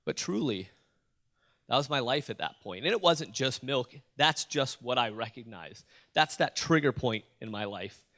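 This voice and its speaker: A man's voice: medium pitch, lively intonation, moderate pace, bright, forceful tone. A man giving a motivational talk to a school audience, telling a personal story with jokes and questions to the crowd. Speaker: motivational youth speaker. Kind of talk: storytelling keynote speech. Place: school auditorium.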